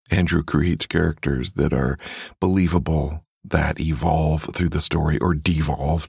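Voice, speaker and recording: A male audiobook narrator with a cold, talking casually on a podcast in a relaxed, musing way with many fillers. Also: rumbling low, gravelly, slightly rough, no room sound, studio quality. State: has a cold.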